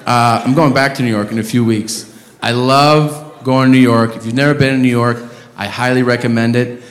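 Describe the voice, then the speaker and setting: A man doing a stand-up set in a club, telling a story with lots of swearing. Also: medium pitch. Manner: profane, animated storytelling. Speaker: stand-up comedian. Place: comedy club stage. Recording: echoey room with crowd noise. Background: audience laughter.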